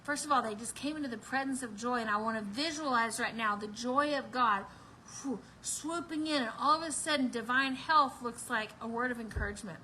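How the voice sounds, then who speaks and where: A woman's voice: a little high, a little fast, bright, forceful tone, slight background noise, rough recording. A woman hosting a live online prayer meeting, bubbly and laughing as she preaches and talks straight to her viewers. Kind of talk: excited livestream preaching and chat.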